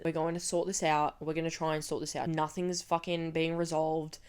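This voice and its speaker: A young woman in her twenties from Australia telling a storytime vlog, ranting and swearing with animated energy. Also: deep voice, moderate pace, few pauses, clear, resonant tone. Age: 20s. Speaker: vlogger.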